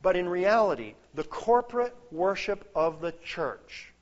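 A man's voice: high voice, very animated, measured pace. A man preaching a sermon, earnest and emphatic, building points through lists. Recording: dull lo-fi sound.

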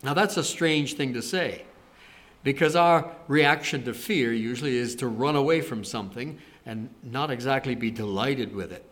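A man giving a conversational sermon, retelling scripture stories with animated quoted lines. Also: mid-range voice, moderate pace. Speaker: preacher.

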